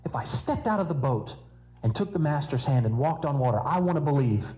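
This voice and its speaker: Mellow-voiced preacher. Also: male voice, on the high side, expressive, fairly quick, poor audio. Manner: conversational preaching with humorous asides. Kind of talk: sermon.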